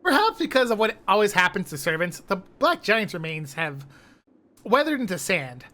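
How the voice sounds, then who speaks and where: A woman's voice: medium pitch, very animated, moderate pace, pushed and bright. A woman casually chatting and narrating a visual novel with friends on a stream, joking and laughing often. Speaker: stream co-reader.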